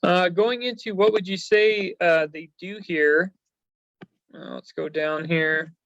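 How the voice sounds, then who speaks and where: A man's voice: sits high, steady tone, slow pace, creaky, a bit bright, no room sound, dull audio. A man hosting a stock news chat, talking casually and rambling with many fillers and hesitations. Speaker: stock show host.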